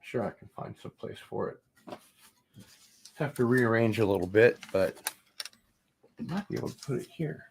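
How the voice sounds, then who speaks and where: A man chatting casually as he unboxes packages on his channel, relaxed and rambling, with offhand asides. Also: lowish voice, normal speed, vocal fry, pauses often, slight background noise. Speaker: vlogger doing unboxings.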